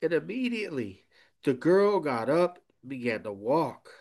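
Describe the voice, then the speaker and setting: A pastor delivering a sermon in a fairly high male voice. He preaches emphatically, turning to the congregation with "okay?" and dropping from loud points to quiet asides. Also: very animated, moderate pace. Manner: emphatic, often checks in with the congregation.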